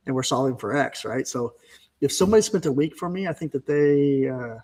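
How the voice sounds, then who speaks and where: A man talking casually on a podcast, telling fast, animated stories about his busy workday. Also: mid-range voice. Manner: fast, animated storytelling with exclamations. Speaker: podcast guest, fence business owner.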